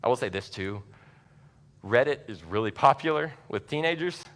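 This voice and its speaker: A man gives a conversational church seminar talk to parents, lively and chatty with asides. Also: medium pitch, moderate pace. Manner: conversational, animated, laughs at his own asides. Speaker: church speaker teaching parents. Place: church sanctuary. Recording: long reverb of a large church hall.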